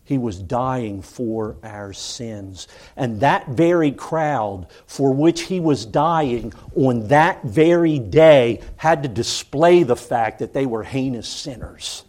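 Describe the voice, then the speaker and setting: A man preaching a sermon, building to loud cries and then dropping to hushed, solemn tones. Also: mid-range voice, lively intonation, slow pace, hardly any pauses.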